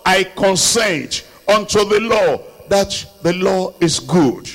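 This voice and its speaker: A preacher delivers a sermon in short phrases, pausing for his interpreter. His voice sits high for a man. He drops into a lower voice to act out what a sinner would say. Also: lively intonation, fairly bright tone, in a large hall. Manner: acts out sinners' replies in a low voice.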